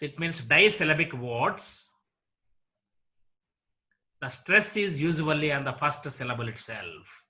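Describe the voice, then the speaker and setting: A man teaching an English lesson on word stress, slowly and deliberately repeating example words one at a time. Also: a little high, pushed and bright. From India. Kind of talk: classroom lecture on word stress.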